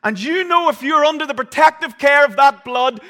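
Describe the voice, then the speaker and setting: A man preaching a sermon, telling the story vividly and swinging between loud, urgent passages and hushed ones. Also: very high voice, moderate pace. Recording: long reverb of a large hall.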